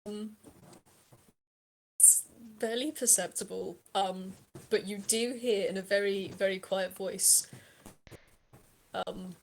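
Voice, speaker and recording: A woman narrating a tabletop game as game master from home, halting, with many pauses and restarts. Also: mid-range voice, fairly even intonation, slight background noise.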